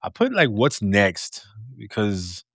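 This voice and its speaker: A male podcast host with a low, deep voice that projects loudly and resonantly. He talks in a lively, expressive, conversational way and laughs easily. The sound is close and dry, with no room around it. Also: slow pace, dry recording. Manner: animated and expressive, laughs often. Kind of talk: casual conversational interview.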